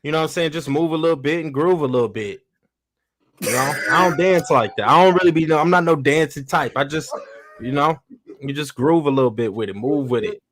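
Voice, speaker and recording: A man's voice: a little high, a little fast. A man co-hosting a sports podcast in casual chat, laid-back and slangy, often repeating himself.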